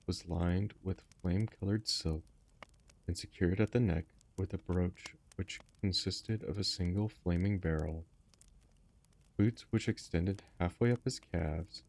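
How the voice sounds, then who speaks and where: A man reads a classic story aloud at a measured pace. His voice is very low and gravelly, dark in tone and husky. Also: slight background noise. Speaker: audiobook reader.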